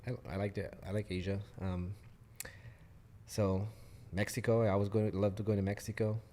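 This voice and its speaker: A man co-hosting a podcast, tossing in quick questions during casual chat. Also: fairly low pitch, flat delivery, dark tone, a little hiss or hum. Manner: quick questions, laughs along.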